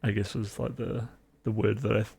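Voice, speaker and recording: A man's voice: lowish voice, flat delivery, fairly quick, vocal fry, darkish tone, slightly rough. A young man with a New Zealand accent, streaming and chatting casually with rambling, filler-heavy, laid-back talk.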